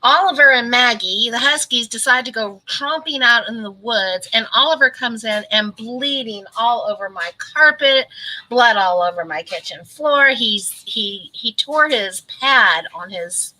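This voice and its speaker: A woman's voice: fairly high pitch, unhurried, bright, forceful tone, low-quality recording. A middle-aged woman chatting casually on a live stream and greeting viewers by name. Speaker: keto vlogger.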